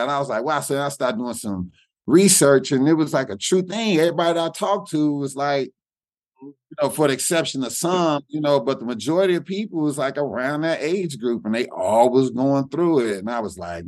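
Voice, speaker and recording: A man's voice: medium pitch, expressive, fairly quick, dry recording. A middle-aged comedian, telling a personal story in an interview, looping and repeating words as he talks. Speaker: guest comedian. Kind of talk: reflective interview talk.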